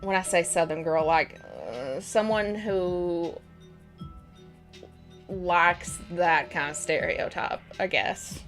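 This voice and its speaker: A woman's voice: lowish voice, slow, a bit bright. A young woman streamer rambling through casual stories while gaming, laughing often, with game music playing behind. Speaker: live streamer. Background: video game music.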